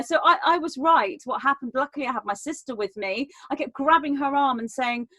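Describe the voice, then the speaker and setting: A woman with a high voice tells a personal story in an earnest, animated way. She often restarts her sentences. The sound is dry and close, with no room echo. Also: a little fast, few pauses. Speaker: round table guest. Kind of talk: personal storytelling in an online panel.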